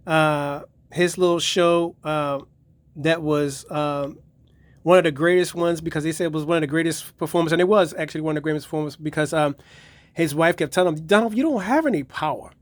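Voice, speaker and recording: Profane, rambling man with a high voice. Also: level tone, fairly quick, no room sound. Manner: profane, rambling retelling of episodes. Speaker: collector reviewing his DVD collection. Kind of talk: casual video review.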